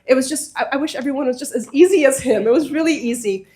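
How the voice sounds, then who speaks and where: A woman with a bright, high voice addresses a crowd at a mosque gathering. She speaks as a community organizer, heartfelt and earnest, and presses the audience with urgent appeals. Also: quick pace. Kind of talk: impassioned speech to an audience. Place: community hall at a mosque event.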